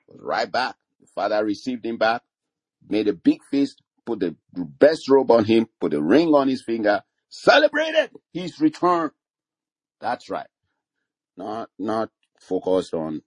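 An older man leads an informal sermon for a discussion room, his low voice husky and a little rough. He talks loosely and conversationally, then lifts his voice when he quotes scripture, chuckling now and then. The sound is dry and close, with no room echo. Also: a little mellow. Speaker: preacher leading a discussion room.

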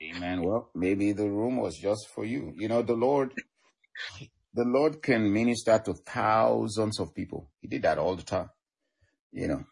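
Man, pastor, gravelly voice, easygoing affirming prayer-line chat. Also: on the low side, measured pace, dry recording. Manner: relaxed, affirming, with many "you know"s.

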